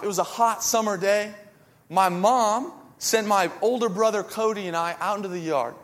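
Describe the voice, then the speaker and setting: A man with a notably high voice preaches a sermon, telling self-mocking stories with humor. His words ring out with the long reverb of a large hall. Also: fairly bright tone. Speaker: pastor.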